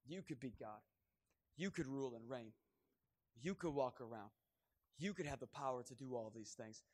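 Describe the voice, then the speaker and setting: A man voicing the serpent, the devil, coaxing in a low, hushed voice. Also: normal speed, close to an everyday voice. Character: sly serpent, the devil, tempting.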